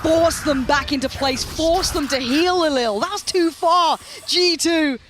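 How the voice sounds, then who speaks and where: A man casting a tournament match as play-by-play commentator, talking fast and rising to shouts at big plays. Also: extremely high pitch, background noise. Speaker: esports caster.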